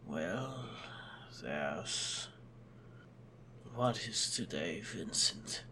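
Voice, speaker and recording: A man voicing a weak, bedridden old man who speaks in a faint, halting whisper. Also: sits low, animated, vocal fry, noisy background, exaggerated voice. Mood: weak, tired.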